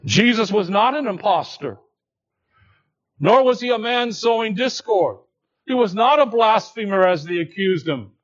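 In lo-fi sound, a man preaches an expository sermon at a slow, deliberate pace, moving from quiet, low passages up to emphatic declarations.

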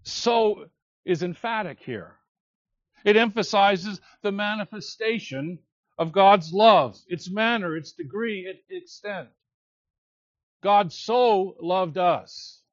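A man delivers an expository sermon at a deliberate, unhurried pace, leaning hard on key words. His voice sits high for a man. The recording is dry and a little muffled. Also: dry recording. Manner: slow, emphatic preaching with drawn-out key words. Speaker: pastor. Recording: slightly dull, lo-fi sound.

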